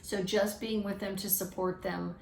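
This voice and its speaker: Gravelly woman in a roomy space. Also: medium pitch, flat delivery, normal speed, a little mellow, slight background noise. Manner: earnest, reflective, restarts phrases. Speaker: speaker on emotional wellbeing. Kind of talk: casual teaching talk. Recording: roomy, distant mic with faint ambience.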